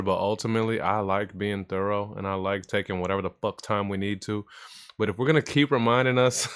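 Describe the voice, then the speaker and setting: A man hosting a livestream show in casual chat, loud and profane, shouting greetings to his chat into a desk microphone. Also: lowish voice, smooth. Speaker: livestream host. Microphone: desk microphone for streaming.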